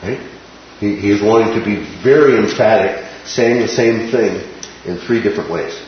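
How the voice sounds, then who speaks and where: In this Bible study lesson, a low-voiced male teacher quotes scripture and walks through its meaning at a steady, moderate pace, often pausing to ask "right?" or "okay?". His recording sounds dull and lo-fi, heavy with room echo and a faint hiss.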